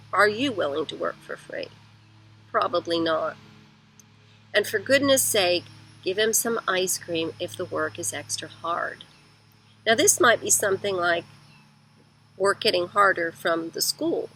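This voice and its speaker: A middle-aged woman explains parenting techniques in a relaxed teaching talk. She walks through her points one at a time in a conversational way. Her voice is bright and sits at a middle pitch. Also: vocal fry, rough recording. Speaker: educational psychologist giving parenting advice.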